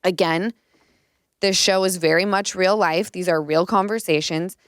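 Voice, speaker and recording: Smooth-voiced woman telling candid stories. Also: on the low side, moderate pace, no room sound, studio quality. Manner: candid, animated storytelling with frequent "like". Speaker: podcast host. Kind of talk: casual chat.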